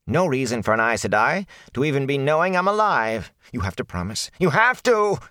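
A man voicing a ragged, frightened male peddler who talks in a raspy, hoarse, whining way. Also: medium pitch, very animated, brisk, bright, forceful tone, dry recording, studio quality, voice pushed up. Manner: whining, fearful, rambling.

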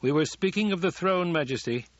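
A man's voice: fairly high pitch, expressive, brisk, dry recording, lo-fi sound, voice pushed up, close to an everyday voice. A man voicing a commanding, calculating young male ruler with clipped delivery.

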